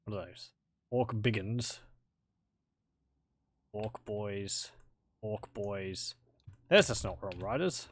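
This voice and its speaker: A man's voice: on the low side, slow pace, pauses often. Chatty man doing gameplay commentary. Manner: chatty, wry, given to laughing at the game. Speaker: let's play gamer.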